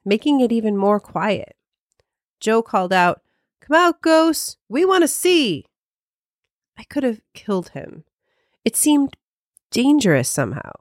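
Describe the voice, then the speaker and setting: Woman podcast co-host, lively storyteller, dry close sound. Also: no room sound. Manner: animated, pitch jumps when telling a story. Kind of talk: casual chat and told ghost story.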